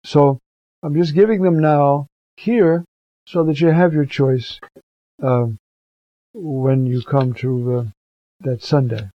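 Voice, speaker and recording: A man's voice: on the high side, fairly even intonation, slow, long pauses, no echo. An older man, a priest, giving a conversational, earnest commentary on scripture readings for preachers. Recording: dull, dry recording.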